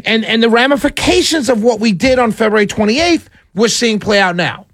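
This is a male radio host with a high-pitched voice, talking straight at his audience. He hammers his points with repetition and a lecturing tone. The sound is close and dry, with no room echo. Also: expressive, a little fast, fairly bright tone. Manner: emphatic, repetitive, lecturing listeners. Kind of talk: political commentary monologue.

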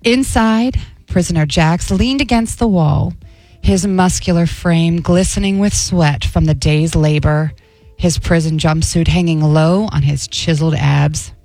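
A woman radio host reading a racy story aloud on air in a slow, careful voice. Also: lowish voice, warm tone, no echo, soft background music, poor audio.

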